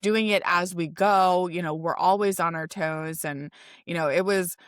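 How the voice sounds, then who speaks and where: A woman's voice: lowish voice, fairly even intonation, normal speed, no echo, clean studio sound. A woman hosting a casual conversation, chatty and laughing often as she tells stories. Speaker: podcast host.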